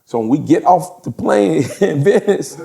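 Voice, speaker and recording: A man, a podcast guest telling profane, animated stories and laughing through them. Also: fairly high pitch, measured pace, vocal fry. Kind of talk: casual storytelling in an interview.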